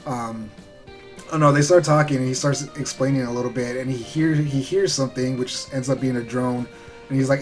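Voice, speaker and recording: A man's voice: mid-range voice, moderate pace, faint music behind. A man giving a loose, rambling recap of a show episode, full of fillers and the odd swear word. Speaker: show reviewer.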